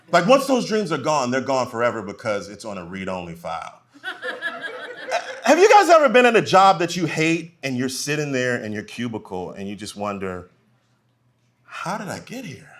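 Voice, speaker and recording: On a comedy club stage, a man performs a live stand-up set, swinging from loud punchlines to quietly muttered asides. His voice is medium in pitch.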